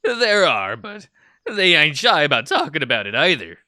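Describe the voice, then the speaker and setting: A man's voice: on the high side, huge pitch swings, moderate pace, sharp tone, no echo, studio quality, voice pushed up, heavily acted. A man voicing a cheerful young male furry sailor, talking in an upbeat, friendly way.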